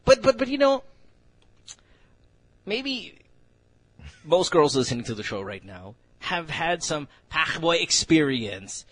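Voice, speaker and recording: A man's voice: a little high, very animated, slow, long pauses, a bit bright. A man with a Filipino accent hosting a morning radio show, telling stories with frequent laughs. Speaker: radio host. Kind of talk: casual morning radio banter.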